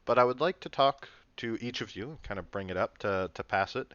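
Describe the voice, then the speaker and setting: A man's voice: medium pitch, moderate pace, hardly any pauses, pushed and bright, clear, resonant tone, no room sound. A man hosting a casual panel discussion about tabletop role-playing, rambling with many fillers and restarts. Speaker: podcast host and dungeon master. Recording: dull dry lo-fi sound.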